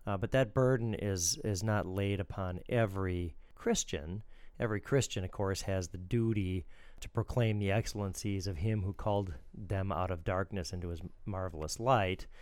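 Male pastor co-host, lowish resonant voice, dry close sound, teacherly explainer. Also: moderate pace, darkish tone, smooth, no echo. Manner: explanatory, teacherly, quotes scripture. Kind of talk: critiquing a sermon recording.

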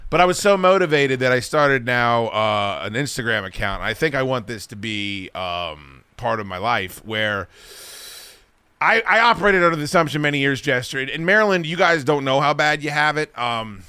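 A man's voice: medium pitch, expressive, moderate pace, pushed and bright, clean tone, dry recording. A man hosting a podcast, telling rambling, profane comic stories and acting out the voices of people in them. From Virginia. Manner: profane, rambling anecdotes with acted-out quotes. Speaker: podcast host. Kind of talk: casual comedic storytelling. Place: podcast studio.

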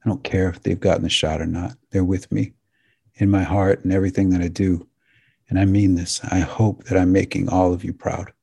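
A man hosting a talk show, speaking earnestly and emotionally to his listeners, halting and restarting as he goes. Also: sits low, level tone, gravelly, a little mellow, slightly rough, no room sound. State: tearing up. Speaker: podcast host. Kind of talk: heartfelt monologue to listeners.

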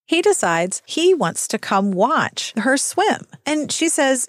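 A woman's voice: high voice, big pitch swings, slow, dry recording, studio quality. A woman hosting a podcast, recapping a romance novel in a casual way, reading passages aloud and breaking off into snarky, laughing asides. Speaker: podcast host.

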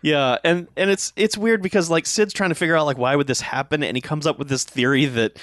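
A man's voice: on the high side, brisk, a bit bright, no room sound, studio quality. Wry man chiming in on a movie. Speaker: podcast co-host. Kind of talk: casual movie recap chat.

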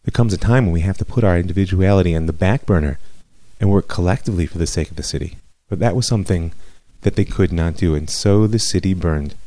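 Low, mellow-voiced rabbi lecturing. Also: male voice, no echo. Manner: measured, reflective, with many pauses. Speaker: rabbi teacher. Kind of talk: recorded lecture.

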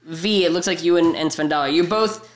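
Woman, lower voice, mock talk-show host, roomy echo with faint hiss. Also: fairly quick. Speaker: comedy podcast host playing a talk-show host. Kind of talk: improvised comedy call-in show.

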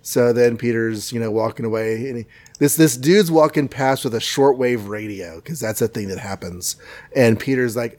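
A man's voice: mid-range voice, normal speed, a little mellow. A man hosting a podcast, casually recapping a cartoon episode with jokes and self-corrections. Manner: rambling, self-correcting, jokey. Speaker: podcast host.

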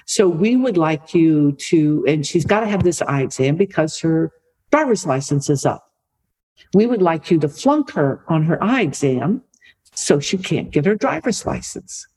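A middle-aged woman, an author and podcast guest, telling a family story in a lively conversational way. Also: low voice, unhurried, slightly rough, low-quality recording. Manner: lively anecdotal storytelling, repeats for emphasis.

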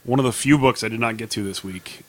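A man's voice: mid-range voice, fast. A man hosting a casual chat, upbeat and steering the talk. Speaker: podcast host.

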